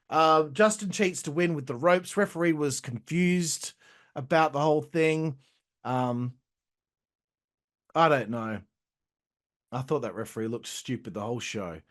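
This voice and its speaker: Profane man ranting as host. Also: a little high. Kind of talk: casual wrestling review commentary.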